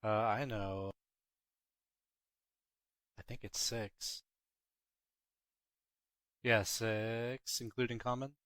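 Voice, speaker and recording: A man's voice: on the low side, fairly even intonation, extremely slow, long pauses, fairly bright tone, no echo. A man playing in a tabletop game, speaking hesitantly and thinking aloud. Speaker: player.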